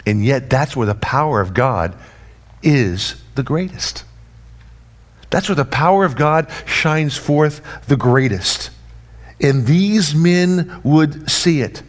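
Emphatic preacher with a higher voice. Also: male voice. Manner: emphatic repetitive preaching cadence, swinging between raised and hushed delivery. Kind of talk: sermon.

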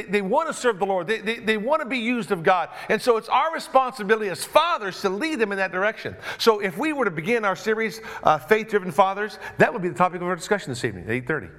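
A male pastor delivering a sermon, acting out the story's voices as he goes. His slightly high voice swings widely in pitch, rising into excited shouts and dropping to quiet asides. He stumbles and repeats words as he builds his points. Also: fast talker, hardly any pauses. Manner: animated, acts out voices of the story.

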